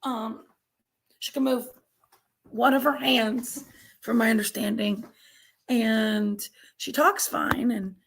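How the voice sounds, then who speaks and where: A woman hosting a casual livestream chat from home on a webcam mic, loud, laughing and bawdy. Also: on the high side, steady tone, takes it slowly, vocal fry, pauses often, husky. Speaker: livestream host. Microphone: computer webcam mic.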